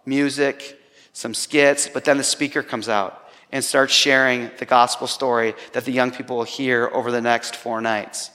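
A man's voice: medium pitch, level tone, moderate pace, pushed and bright. A man preaching a sermon, telling a personal story with self-deprecating humor. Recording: long hall reverb.

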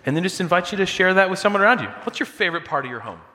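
Man, preacher, bright sharp tone, lively pitch, halting and inviting, church reverb. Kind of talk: sermon. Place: church sanctuary. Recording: long reverb of a large hall.

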